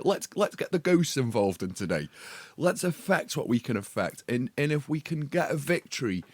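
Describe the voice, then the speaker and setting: A man's voice: medium pitch, very animated, normal speed, hardly any pauses, no room sound. A man co-hosting a podcast in casual chat, an emotional football fan who swears and talks with feeling. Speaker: podcast co-host.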